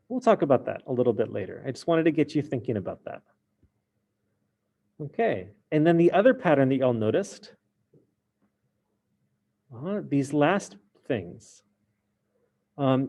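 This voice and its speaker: A man's voice: on the high side, mellow. A man teaching a French class in a casual explaining way, with many fillers. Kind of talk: recorded class lesson.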